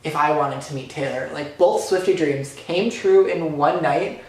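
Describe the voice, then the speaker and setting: A man's voice: on the high side, measured pace. Gushing young man in an echoey room. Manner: breathless, gushing retelling with many "like"s. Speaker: vlogger. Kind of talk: excited storytime recap.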